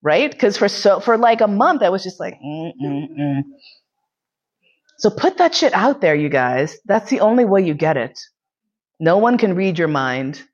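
A woman's voice: medium pitch, sing-song, normal speed. Candid chatty woman, muffled lo-fi sound. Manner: candid and chatty, many "like"s, bursts of laughter. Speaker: podcast host. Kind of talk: casual confessional storytelling. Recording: slightly muffled lo-fi recording.

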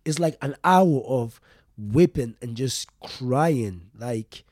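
A young man telling a personal story as an interview guest, rambling and halting with many fillers and restarts. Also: mid-range voice, animated, a little mellow, no room sound, clean studio sound. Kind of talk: casual interview talk.

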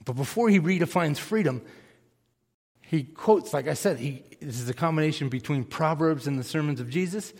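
Pastor, male, somewhat high, husky and gravelly voice, long hall reverb, casual preaching that questions the room. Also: moderate pace. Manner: conversational, animated, asks the congregation questions. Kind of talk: sermon.

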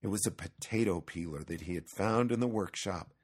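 A man narrating a children's storybook reading in a gentle, unhurried way. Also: sits low, husky.

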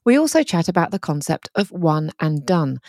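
A woman co-hosts a podcast in casual chat, a giggly, chatty storyteller who laughs often. Her low voice swings widely in pitch at a normal speed, with a darkish tone. The studio-quality recording has no echo.

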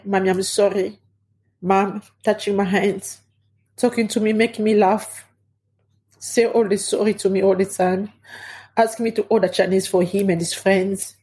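A middle-aged woman recounts a loss in her own words, her grieving voice soft and mellow. She speaks haltingly, her English marked by non-native grammar and stops to find words. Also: mid-range voice, flat delivery. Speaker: bereaved mother. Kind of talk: personal testimony.

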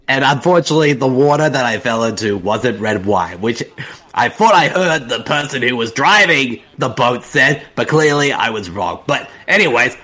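A man voicing a scatterbrained, boozy, flirty woman in an improvised comic bit, rambling and lurching up and down in pitch. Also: pushed and bright.

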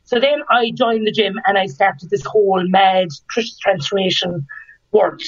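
Lively Irish woman telling a story. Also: mid-range voice, unhurried, muffled recording. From Ireland. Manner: lively, animated, acts out dialogue. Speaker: guest. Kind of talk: casual storytelling.

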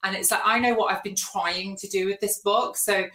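Brief: female guest from Nottinghamshire, bright tone, teasing chat, echoey video-call sound. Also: medium pitch, steady tone, normal speed. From England, Nottinghamshire. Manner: chatty and teasing. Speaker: guest author. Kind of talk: casual interview chat. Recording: echoey room.

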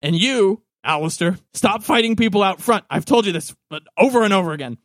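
A man's voice: sits high, lively intonation, fairly quick, fairly bright tone, no room sound. A man voicing a stern woman who scolds two brawlers firmly. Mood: scolding. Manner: scolding, firm. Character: stern woman breaking up a fight.

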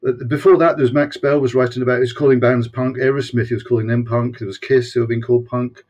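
A man's voice: mid-range voice, steady tone, quick pace, a little mellow, highs cut off. Scottish man, 60s, rambling casual guest on video call. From Scotland. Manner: rambling, with frequent restarts. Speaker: guest, former punk fanzine editor. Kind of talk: casual conversational interview.

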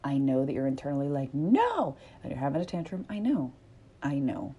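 A woman in her thirties talks straight to her listeners in a reflective solo monologue. Her voice sits low and mellow, and she swears freely and pokes fun at herself while coaching. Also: expressive, quick pace, slightly rough. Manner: candid, swears freely, self-mocking, coaching tone. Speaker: podcast host.

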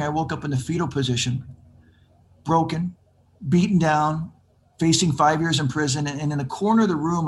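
A man's voice: a little high, slight background noise. A man in his fifties telling his recovery story as an interview guest, acting out the voices of people he quotes.

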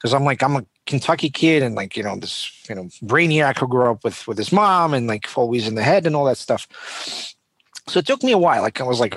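A man's voice: medium pitch, animated, fairly quick. A man in his forties who grew up in Russia, talking as a guest in a casual interview, reflective and humorous with frequent restarts.

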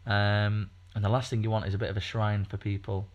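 A man chats on a podcast in a loose, rambling way, stopping and restarting often. His voice sits fairly low. He fills gaps with ums and asides. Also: little pitch movement, brisk, muffled recording. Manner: rambling, chatty, many fillers and restarts. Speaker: podcast co-host. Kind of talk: casual podcast chat.

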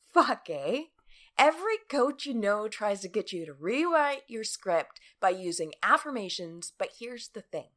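A woman giving a blunt, profane motivational talk straight to the listener, acting out everyday scenes with quick quoted voices. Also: mid-range voice, fairly bright tone.

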